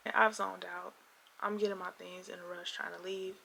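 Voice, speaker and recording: Young woman vlogger, lowish pitch, gravelly, emphatic storyteller, faint room hum behind. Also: fairly even intonation, fairly quick, pushed and bright. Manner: emphatic storyteller who acts out both sides of an argument. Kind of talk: storytime vlog.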